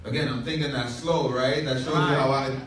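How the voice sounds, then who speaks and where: A man's voice: mid-range voice, fairly even intonation, a little fast, a loud crowd. A man pastor telling a humorous story in a sermon, with asides to the congregation. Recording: echoey room from far off.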